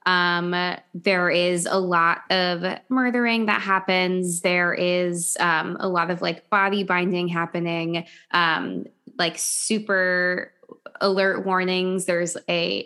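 A woman's voice: on the low side, fairly even intonation, slow, pushed and bright, clear, resonant tone. A woman co-hosting a casual podcast, hesitant and full of fillers. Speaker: podcast co-host. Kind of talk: casual chat.

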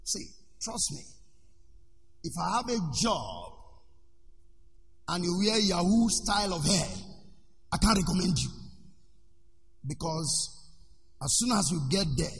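A man, a pastor preaching a sermon with sudden shouts and questions to the congregation. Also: high voice, very animated, slow, vocal fry, long pauses, big-room sound, faint music behind. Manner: preaching with shouts and call-and-response.

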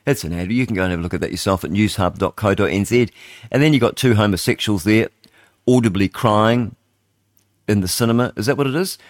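A man, hosting talk radio in a chatty, rambling way, reading headlines aloud and thinking out loud. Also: lowish voice, a little fast, dry recording, clean studio sound. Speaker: radio host. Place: radio studio.

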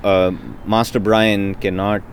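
A man's voice: on the low side, flat delivery, takes it slowly, slight background noise. A man co-hosting a casual chat among friends, joking around and laughing often. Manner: jokey, laughs often, riffs on accents. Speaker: podcast co-host. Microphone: built-in laptop mic.

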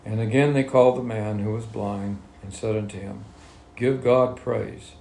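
A man's voice: fairly low pitch, fairly even intonation, fairly quick, vocal fry, warm tone, slight background noise. A man leading a Bible study, reading verses aloud and explaining them in plain, conversational talk. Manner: reads scripture then explains it in plain talk. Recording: echoey room with faint ambience.

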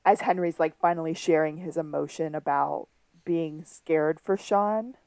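A woman co-hosting a casual podcast, talking through an episode with a slightly low voice. The sound is dry and close, with no room around her. She tosses in quick quoted lines as she retells scenes. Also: darkish tone, no room sound. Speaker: podcast co-host. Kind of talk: casual episode recap chat.

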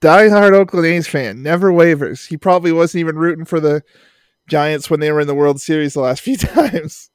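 A man's voice: fairly high pitch, normal speed, smooth, no echo. A Canadian man telling a story in casual chat, acting out the people in it and laughing along as he goes. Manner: animated, acts out quoted people, laughs while telling.

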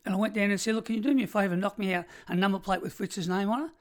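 A man's voice: high voice, rapid-fire. An Australian man in his sixties, a retired prison officer, telling vivid stories as an interview guest and stacking up short, punchy phrases. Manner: vivid, emphatic storyteller who piles up short phrases. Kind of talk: storytelling in an interview.

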